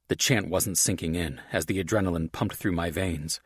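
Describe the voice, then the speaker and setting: A man narrates a romance audiobook in a low voice. He reads with a gritty, intense edge. The recording is close and dry. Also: normal speed, hardly any pauses, husky, no room sound. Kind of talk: scripted first-person romance narration.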